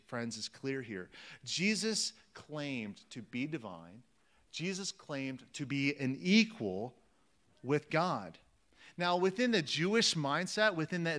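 Preaching a sermon in a fairly high, fairly bright voice, a man speaks emphatically and repeats phrases for weight. He addresses his listeners as friends.

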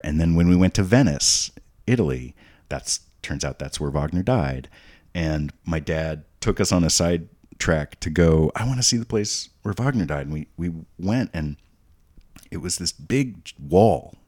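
A podcast guest with a remarkably deep, low voice tells family stories in a loose, casual way. He rambles, doubles back and restarts mid-sentence as he goes. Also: lively intonation, measured pace, darkish tone. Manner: rambling, frequent restarts and asides. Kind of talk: casual storytelling.

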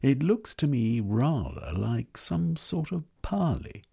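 A man voicing a jovial, upbeat gentleman who keeps calling his friend dear fellow. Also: mid-range voice, sing-song, slow pace, creaky, husky, voice pushed up, heavily acted. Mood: cheery. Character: jovial, cheery gentleman companion.

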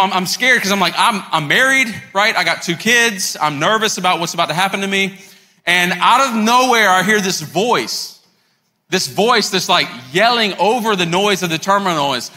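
A male pastor in his thirties preaches with a sharp, very bright voice that sits a little high. He tells his story conversationally to the congregation. The sound carries a long hall reverb with faint music underneath. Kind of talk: sermon. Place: church sanctuary.

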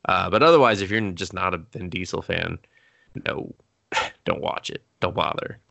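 A young adult man co-hosting a casual movie talk, loose and profane with quick asides. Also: sits low, creaky, sharp tone, no echo. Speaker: podcast co-host. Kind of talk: casual chat.

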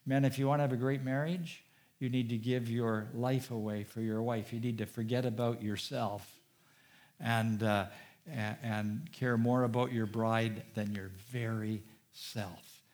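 A man's voice: medium pitch, steady tone, a little mellow. A middle-aged man, a pastor, preaching a sermon and drawing out the key words for emphasis. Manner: stresses key words with slowed, drawn-out delivery.

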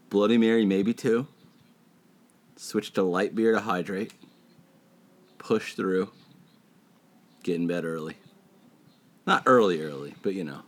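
A man co-hosting a casual talk show, laid-back, saying "dude" often and laughing easily. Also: fairly low pitch. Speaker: radio show co-host. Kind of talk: casual chat.

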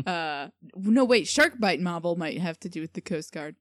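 A woman co-hosting a casual podcast, answering a quiz, joking and thinking out loud. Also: on the low side, animated, measured pace, no room sound, clean studio sound. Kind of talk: casual chat.

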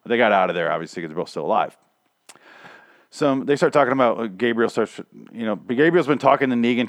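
A man's voice: lowish voice, no room sound, clean studio sound. A man hosting his own podcast, recapping a show in a rambling, profane, joking way, his voice strained and shaky from singing days before. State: strained, recovering voice. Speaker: podcast host. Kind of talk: casual solo show recap.

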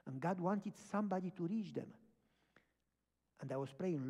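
Pastor preaching in an echoing hall. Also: male voice, sits high, normal speed, pauses often. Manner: animated storytelling, acting out dialogue. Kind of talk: sermon with personal stories. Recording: long reverb of a large hall.

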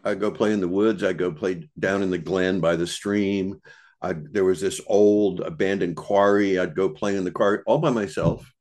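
Low-voiced older man telling meandering stories. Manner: meandering, thoughtful, with many restarts and pauses. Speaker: podcast guest. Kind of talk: reflective storytelling conversation.

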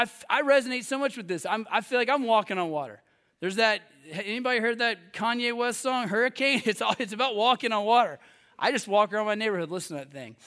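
A male preacher with a high, bright voice, giving a sermon in an animated, storytelling way. He acts out the voices of the people he quotes and laughs at himself often. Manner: laughs often, self-deprecating. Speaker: pastor.

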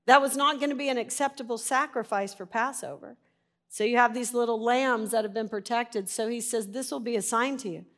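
A woman's voice: fairly high pitch, a little fast, a bit bright. Woman teaching through a Bible passage. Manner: reads scripture aloud, then explains it conversationally with emphasis; clears throat now and then.

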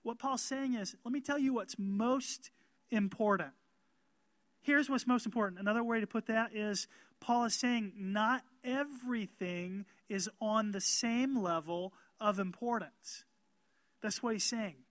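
A man preaching a sermon as pastor, emphatic and calling out amens to the congregation, growing louder and more animated. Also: high-pitched, a little slow, dry recording.

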